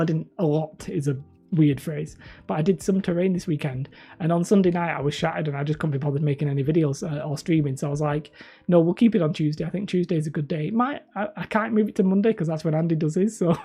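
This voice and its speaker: A woman's voice: on the low side, warm tone, slightly rough. A woman with a northern English accent hosting a live stream, chatting casually with viewers in a rambling, self-deprecating way. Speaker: livestream host.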